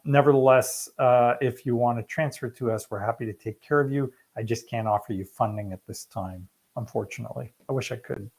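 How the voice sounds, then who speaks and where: A man who is a fertility specialist, answering viewer questions in a casual, joking live stream and reading study titles aloud. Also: mid-range voice.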